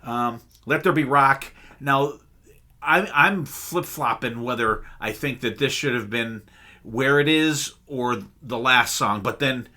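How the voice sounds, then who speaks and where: A man's voice: mid-range voice, takes it slowly, sharp tone. A man on a music podcast, talking casually and enthusiastically about albums, rambling with fillers and humming guitar riffs. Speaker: podcast co-host. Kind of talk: casual music review chat.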